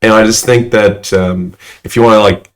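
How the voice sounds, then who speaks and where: A man co-hosting a podcast in casual chat, loud and excitable, laughing often, close to the mic. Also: fairly low pitch, moderate pace. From Australia. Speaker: podcast co-host.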